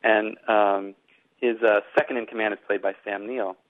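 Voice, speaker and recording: A middle-aged man from Boston talks through his answers as an interviewed author, circling back and repeating himself. His voice sits a little low. It comes over a narrow, phone-like line. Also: flat delivery, moderate pace. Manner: rambling, with frequent repeated words. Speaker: author and guest.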